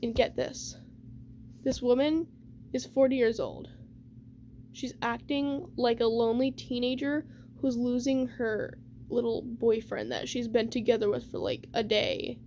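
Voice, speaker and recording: A young woman with a high, light voice tells a personal story in a loose, rambling way. Her talk is full of casual fillers, and faint background noise hums under her voice. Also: fairly even intonation, a little slow, darkish tone. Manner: rambling, chatty, many fillers like "like" and "whatever". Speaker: vlogger.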